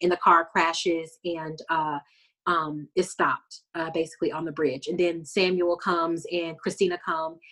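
Animated woman recapping an episode. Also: deep voice, measured pace. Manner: animated storytelling, acts out characters' lines. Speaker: podcast co-host. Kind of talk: casual episode recap chat.

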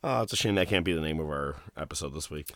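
A man's voice: a bass voice, animated, fast talker, a bit bright, no echo. A man co-hosting a podcast, tossing in wisecracking, sarcastic asides during casual banter. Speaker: podcast co-host.

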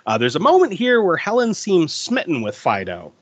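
A man's voice: high-pitched, normal speed, no room sound, muffled recording. A man co-hosting a podcast, recapping a film scene by scene in casual chat and laughing often. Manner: laughs often, lively storytelling with restarts.

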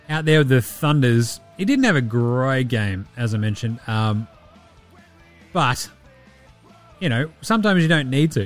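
A man's voice: medium pitch, a bit bright. A man with an Australian accent hosting a casual sports podcast, crude, sarcastic and full of swearing. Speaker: podcast host.

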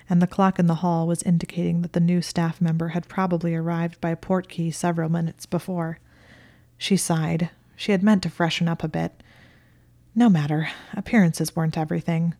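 A woman narrates a story aloud at a steady, even pace. Her voice is fairly low and warm, and the sound is close and dry, with no room around it. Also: no echo. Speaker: reader. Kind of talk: reading a fan story aloud.

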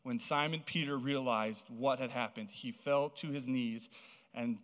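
A young man from Hawaii preaching a sermon, telling stories in a chatty, animated way full of casual fillers. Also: mid-range voice, unhurried. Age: young adult. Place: church auditorium. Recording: long reverb of a large hall.

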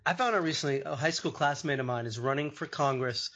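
A man's voice: mid-range voice, quick pace, a bit bright. A man in his forties co-hosting a comedy politics podcast, joking and rambling in casual chat. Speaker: podcast co-host.

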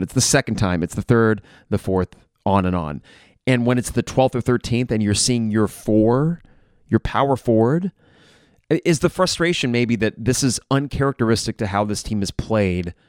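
A man hosting a live game reaction podcast, blunt and frustrated, who swears and flares into shouting. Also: lowish voice, no room sound, clean studio sound.

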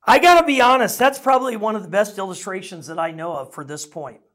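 A man's voice: high-pitched, animated, quick pace, hardly any pauses, a bit bright. A middle-aged man preaching a sermon as a pastor, telling stories in a conversational, self-deprecating way.

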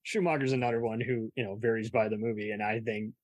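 A man's voice: lowish voice, steady tone, fast talker, dry recording. A man hosting a podcast, talking about films in a rambling, casual way with many asides. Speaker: podcast host. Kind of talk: casual film discussion.

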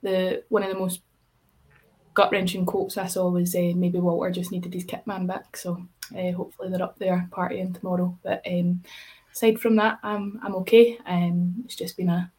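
A Scottish woman co-hosts a podcast in a low-pitched voice with a flat melody. She talks in a subdued, hesitant way, with frequent pauses. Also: poor audio. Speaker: podcast co-host. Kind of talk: casual podcast chat.

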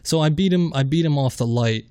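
A man's voice: fairly high pitch, brisk, mellow, dry recording. A man telling a rambling story in casual chat, swearing freely and restarting his sentences.

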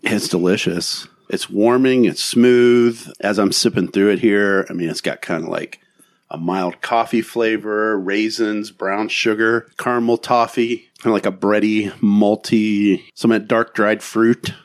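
A man's voice: fairly low pitch, fairly even intonation, measured pace, dry recording, clean studio sound. A man co-hosting a casual chat, describing the flavours of a drink with enthusiasm. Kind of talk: casual tasting commentary.

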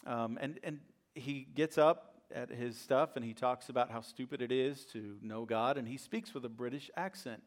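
A middle-aged man gives a sermon in an animated preaching voice. He talks at an even mid pitch, climbs into loud, pressing questions, then drops to soft asides. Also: normal speed, few pauses. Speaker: pastor.

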